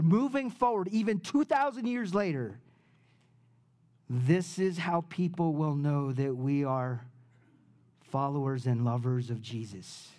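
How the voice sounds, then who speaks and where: A male pastor preaching a sermon in a relaxed, conversational way, leaning on slang. His voice sits a little high yet sounds warm and mellow, and he swings from loud to near-whispered passages as he tells the story. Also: unhurried. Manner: casual, uses slang like dude and man.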